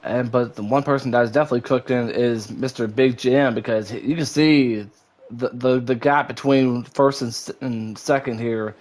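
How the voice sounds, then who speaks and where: Excitable male sim racing play-by-play caller. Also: medium pitch, moderate pace. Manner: excitable, rambling, voice leaps up during action. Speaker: lead race commentator.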